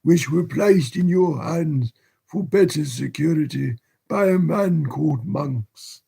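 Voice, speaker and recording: A man voicing a solemn, grave older gentleman in a storybook reading. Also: a little high, animated, gravelly, slightly rough, pitched above the performer's own voice, exaggerated voice. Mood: measured. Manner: solemn, slow, deliberate.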